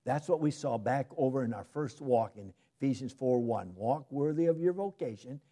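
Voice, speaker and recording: A male preacher with a lively pitch and a mellow, husky tone delivers a sermon at a moderate pace. He swings between loud emphasis and soft asides.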